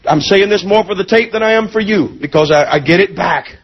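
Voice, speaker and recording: Fiery preacher guy, really high voice, muffled old sermon tape sound. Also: husky. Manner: impassioned, shifts between deliberate slow emphasis and shouting.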